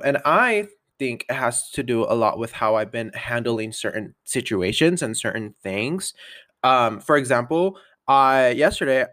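A man's voice: mid-range voice, fairly bright tone, dry recording, studio quality. A man vlogging a casual catch-up, chatty and upbeat, rambling with lots of fillers and little laughs. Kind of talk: casual catch-up vlog chat.

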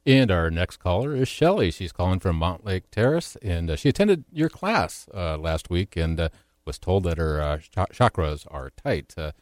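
A man co-hosting a radio show, introducing the next caller in a relaxed, matter-of-fact way. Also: low-pitched, moderate pace, no room sound, studio quality.

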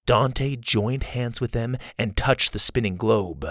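A man reading a scripted children's adventure story as the show's storyteller, in an even, measured way. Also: mid-range voice, no room sound, studio quality.

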